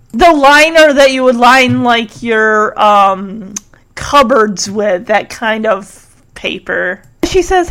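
A chatty woman with a high, light voice talks through a TV episode scene by scene. Her talk is casual and gushing, and she fills it with "like" and "you know". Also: fairly bright tone, poor audio. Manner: chatty, gushing, full of fillers. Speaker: show recapper. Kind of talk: casual recap chat.

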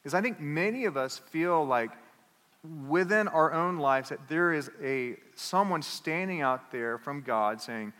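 Male pastor, sermon, animated storytelling, bright tone, echoey hall. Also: on the high side, unhurried. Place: church.

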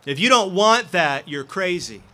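A man's voice: high voice, animated, unhurried, pushed and bright. A man preaching a sermon as pastor, earnest and impassioned.

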